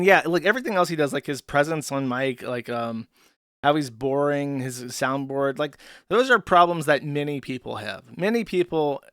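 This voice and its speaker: A man hosts a stream commentary in a mid-range, slightly bright voice with a clear, resonant tone, captured as clean studio sound with no room echo. He rants sarcastically, swearing a lot and leaning on filler words.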